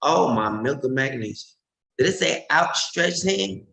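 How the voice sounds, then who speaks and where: A man's voice: high-pitched, expressive, moderate pace, vocal fry, sharp tone. A man preaching in an emphatic, mocking way, repeating his points for effect. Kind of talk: animated sermon-style commentary. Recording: roomy echo.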